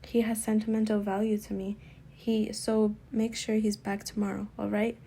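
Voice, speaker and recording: A woman reading a calm, firm male teacher. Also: mid-range voice, moderate pace, gravelly, a little hiss or hum, close to an everyday voice.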